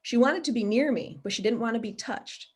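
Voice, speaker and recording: A woman's voice: on the high side, fairly quick, breathy edge. A woman, an animal behaviour expert, talking earnestly and practically in a casual interview over a video call. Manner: earnest, practical, explains with everyday examples.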